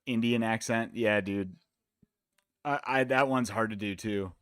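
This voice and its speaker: A man's voice: on the low side, measured pace, a bit bright, clean tone, no room sound, clean studio sound. A man from the United States hosting a live fight watch-along stream, talking in a laid-back, rambling, profane way. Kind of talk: casual chat.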